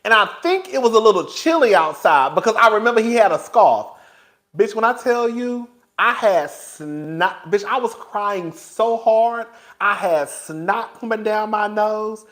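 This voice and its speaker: A man with a notably high voice spins a casual story for his vlog audience. He talks in an animated, dramatic way and laughs often. He keeps addressing his listeners as girl. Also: measured pace. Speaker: vlogger.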